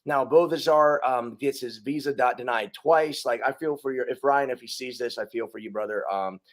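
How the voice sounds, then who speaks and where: A man's voice: mid-range voice, normal speed. An American man guesting on a podcast, talking loosely and repeating himself as he rambles. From United States. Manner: rambling, stammering, laid-back. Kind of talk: casual podcast chat.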